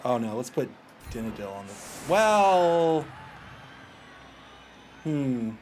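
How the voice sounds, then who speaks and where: A man's voice: mid-range voice, fairly quick, warm tone, a little hiss or hum. A man casually commentating his own video game match, taunting his opponent and chatting with viewers. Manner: banters with chat, taunts opponents, laughs.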